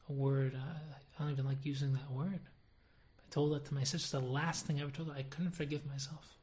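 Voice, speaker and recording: A woman teaching a religious lesson through stories, animated and laughing at her own jokes. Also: low-pitched, fairly quick. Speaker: Torah teacher. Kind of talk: storytelling lesson.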